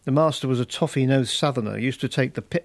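A man's voice: mid-range voice, fast, gravelly, no room sound. A man voicing a blunt, dogged middle-aged factory boss, read plainly without an accent. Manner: plain reading, no accent attempted.

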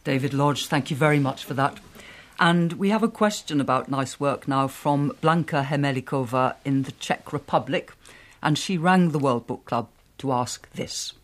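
A man's voice: mid-range voice, moderate pace. Male radio book show host. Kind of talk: scripted presenting.

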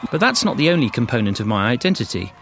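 A man from London presenting a radio documentary, scripted narration in a measured, wry way. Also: mid-range voice, big pitch swings, background noise.

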